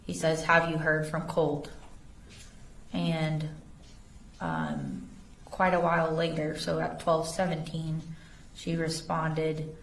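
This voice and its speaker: A woman testifying as an investigator in court, reading messages aloud in a measured, factual way. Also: low-pitched, a little hiss or hum. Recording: roomy courtroom audio from a distance.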